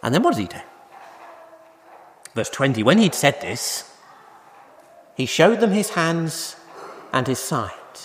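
A man preaching a sermon in a church, slow and emphatic, repeating key words for weight. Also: on the high side, sing-song, slight background noise. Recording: echoey hall, faint ambience.

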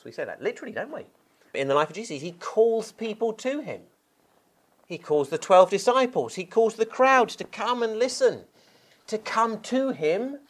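Male preacher, expressive delivery with lively pitch, leans on key words. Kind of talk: sermon.

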